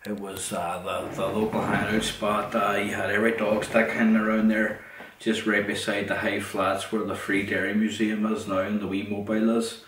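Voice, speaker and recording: A man's voice: lowish voice, little pitch movement, normal speed, a bit bright. A middle-aged man with a Derry accent, hosting a podcast and telling long rambling stories, blunt and swearing, often repeating himself. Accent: Northern Irish, Derry. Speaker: podcast host. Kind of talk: rambling storytelling monologue. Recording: roomy, distant, faint noise.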